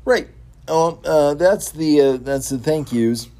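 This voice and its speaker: Slow, mellow-voiced man hosting a wrestling show. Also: fairly high pitch. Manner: halting, many fillers and repeated words, enthusiastic. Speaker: podcast host. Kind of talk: casual solo wrestling talk show.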